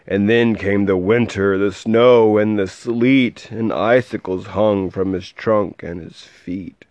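A man reading a rhyming picture book aloud to a child, with a lively, sing-song delivery and soft asides. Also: lowish voice, slow pace, no room sound.

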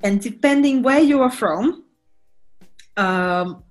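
A woman's voice: on the high side, expressive, takes it slowly, soft background music. A young woman from Brazil with a Brazilian accent shifted toward British English, chatting casually as a podcast guest and laughing often. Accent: Brazilian Portuguese, shifted toward British English.

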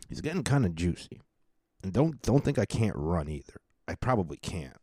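A man with a deep, dark voice chats casually on his solo podcast, wandering between topics, swearing freely and cracking jokes at his own expense. The recording is dry and close. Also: no room sound. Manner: rambling, profane, joking. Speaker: podcast host.

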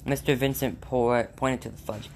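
A man's voice: mid-range voice, steady tone, normal speed, a little mellow, a little hiss or hum. A man reading a children's novel aloud in a plain way, with small slips and restarts. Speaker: reader.

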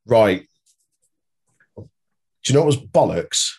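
Low-voiced sarcastic man. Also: animated, slow pace, darkish tone, breathy edge. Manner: exasperated, sarcastic, swears. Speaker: podcast co-host. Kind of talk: casual wrestling chat.

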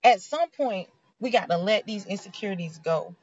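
A woman's voice: mid-range voice, animated, normal speed, darkish tone, husky, dry recording. Earnest woman with a lo-fi sound. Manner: heartfelt, preachy, conversational. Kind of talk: motivational faith talk. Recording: dull lo-fi sound.

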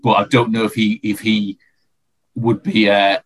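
A man's voice: on the low side, flat delivery, husky. A man co-hosting a casual football podcast, rambling with restarts. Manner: quick, rambling, many restarts. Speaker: podcast co-host.

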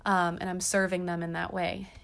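Woman, 30s, podcast host; chatty and rambling, voice sits a little low. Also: little pitch movement, moderate pace, creaky. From half Irish. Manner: chatty, rambling, frequent ums. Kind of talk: casual chat.

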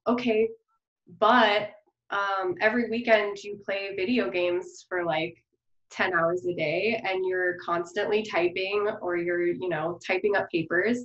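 A woman's voice: medium pitch, steady tone, unhurried. A woman hosting a podcast who also teaches music, chatty and enthusiastic as she talks with her guest. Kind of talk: podcast interview. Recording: roomy, dull podcast audio.

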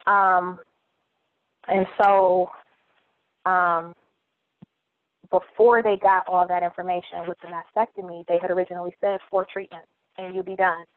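A woman's voice: on the low side, little pitch movement, unhurried, pauses often, no echo. A woman around forty, a podcast guest, telling her personal story in a candid, heartfelt way and often repeating phrases. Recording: dry, tinny phone-like line.

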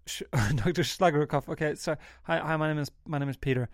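A man's voice: fairly high pitch, fast, dry recording, clean studio sound. A man hosting an improvised comedy sketch, flustered and stammering, often breaking into laughter. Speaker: host of a comedy bit.

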